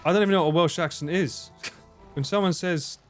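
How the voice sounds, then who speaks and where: A man streaming a game live, joking, swearing and reacting loudly as he plays. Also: on the high side, fairly quick. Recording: game music playing behind.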